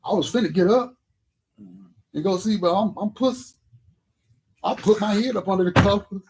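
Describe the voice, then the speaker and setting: A man's voice: high voice, brisk, a little mellow, husky, poor audio. A man on a podcast telling a personal story in a blunt, profane, drawling way. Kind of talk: casual storytelling chat. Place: live podcast studio.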